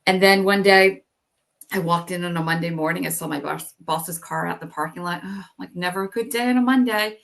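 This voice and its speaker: Lower-pitched middle-aged woman, chatty. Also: a little fast, creaky, fairly bright tone. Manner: candid, chatty, many "like"s and "you know"s; acts out her own past thoughts in quotes. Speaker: guest. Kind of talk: interview, personal storytelling.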